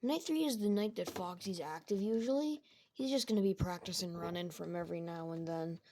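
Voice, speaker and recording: A woman's voice: on the low side, fairly quick, darkish tone, slight background noise. A woman rambling casually as she improvises a story over game footage. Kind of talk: improvised narration over gameplay.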